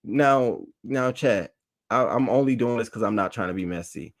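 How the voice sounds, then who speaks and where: A man giving casual, slangy news commentary to his chat, animated and reading tweets aloud. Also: mid-range voice, normal speed. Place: home setup, talking to chat.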